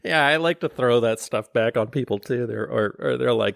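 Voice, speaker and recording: A man co-hosting a podcast, telling stories in a casual, animated way and laughing often. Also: medium pitch, normal speed, vocal fry, hardly any pauses, dry recording. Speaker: podcast co-host. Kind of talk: casual interview chat.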